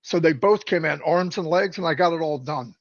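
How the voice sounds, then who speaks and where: A man's voice: fairly high pitch, a little fast, dry recording, highs cut off. A man speaking as a co-host in a casual live-stream chat, dry and matter-of-fact.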